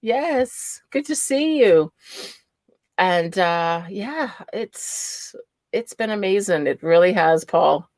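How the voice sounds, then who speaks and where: A woman's voice: mid-range voice, expressive, slow, no room sound. A woman with a New England accent hosting a livestream, chatting casually, greeting viewers by name and laughing often. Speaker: livestream host.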